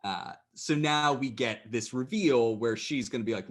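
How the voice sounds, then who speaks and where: A man's voice: mid-range voice, moderate pace, hardly any pauses. A man co-hosting a casual rewatch podcast, recapping the plot with wry, dry jokes. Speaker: podcast co-host.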